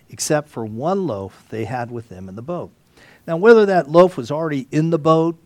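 Frequent restarts and throat clearing mark this man's Bible study teaching, as he shifts between loud emphasis and hushed asides. His voice is mid-range, and the recording has no room sound.

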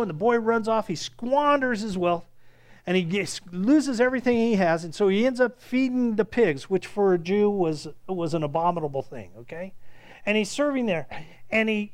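A man preaching a sermon, retelling scripture with acted-out quotes and joking asides to his congregation. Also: high-pitched. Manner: animated preaching, acts out quoted speech, jokes aside. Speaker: pastor.

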